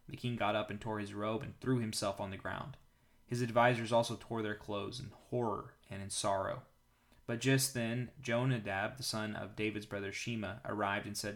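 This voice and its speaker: A man hosting a daily Bible reading, who prays and then reads scripture aloud in a calm, measured way. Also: fairly low pitch.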